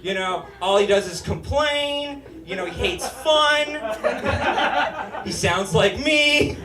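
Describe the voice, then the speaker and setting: A young man with a high, whiny, nasal voice performs stand-up comedy on a live stage. The sound is roomy and slightly distant. Audience laughter rolls in behind him. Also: lively intonation, takes it slowly, crowd noise. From Utah. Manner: whiny, nasal comic delivery, rising to shouts. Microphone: stage microphone.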